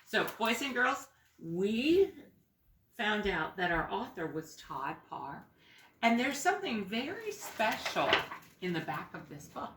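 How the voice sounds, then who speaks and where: A woman preschool teacher talks slowly and sing-song to young children, coaxing and encouraging, slipping into soft asides. Her voice is bright and a little low for a woman. The room around her echoes. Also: very animated, a little hiss or hum. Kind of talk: reading to young children and leading a class activity.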